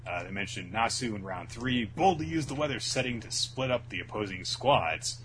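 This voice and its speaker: A man co-hosting a casual podcast, recapping a manga in a laid-back way and slipping in quick voiced asides for the characters. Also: fairly low pitch, animated, a bit bright, slight background noise, rough recording. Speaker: podcast co-host.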